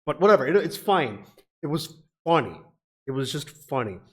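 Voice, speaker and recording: A man's voice: fairly high pitch, very animated, moderate pace, fairly bright tone, husky. A man hosting a reaction video, talking casually with lots of fillers and the odd curse. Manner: rambling, swears casually, frequent fillers.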